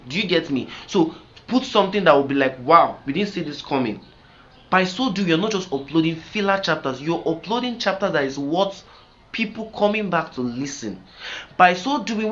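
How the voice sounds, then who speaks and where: A man's voice: a little high, a bit bright. A man coaching writers in an instructional talk, emphatic and repetitive, often checking whether listeners follow. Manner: emphatic, repetitive, asks "do you get me?". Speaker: writing coach. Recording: slightly dull lo-fi sound with faint noise.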